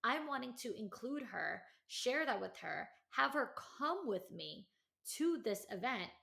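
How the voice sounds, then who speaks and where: A woman hosting a podcast, telling a personal story in casual chat, full of "like" and "you know", and acting out quotes with lively energy. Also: measured pace, gravelly. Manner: chatty, heavy use of "like" and "you know"; animated, acts out quotes in a higher voice. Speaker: podcast host.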